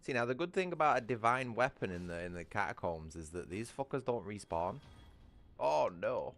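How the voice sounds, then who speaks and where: A British gaming livestreamer chats crudely and casually from home, rambling, restarting sentences and breaking into laughter. His voice is fairly low and sing-song, moderately paced with a fairly bright tone.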